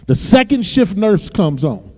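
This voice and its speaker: A man with a very high voice preaches, telling his own story with emotion. He repeats words as he builds. His voice rings with a long reverb in a church sanctuary. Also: big pitch swings, a little slow, warm tone. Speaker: pastor. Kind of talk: sermon testimony.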